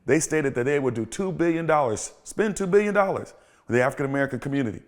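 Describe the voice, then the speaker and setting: A man's voice: fairly high pitch, expressive, quick pace. A middle-aged man, a pastor and podcast host, giving emphatic, sermon-like commentary and repeating phrases for rhythm. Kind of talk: preaching-style commentary.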